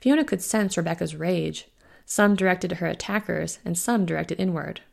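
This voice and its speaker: A woman author reading the prologue of her own fantasy novel aloud in a steady way. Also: lowish voice, normal speed, gravelly. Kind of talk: audiobook narration.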